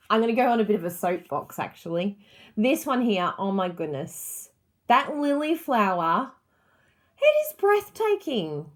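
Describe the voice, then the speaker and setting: A woman hosting a crafting livestream, chatting casually and gushing with enthusiasm over her supplies. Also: fairly high pitch.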